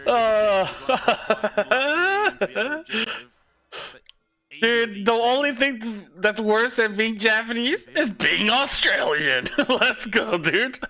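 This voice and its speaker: A man streaming a watch party, reacting to a live esports match with loud swearing, constant "dude," and yelling at big plays. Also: very high-pitched, expressive, drawn-out words, lo-fi sound.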